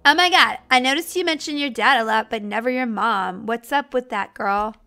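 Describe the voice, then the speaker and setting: Bubbly valley girl space hero, high and loud, as a woman puts her on. Gushing, sing-song. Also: moderate pace.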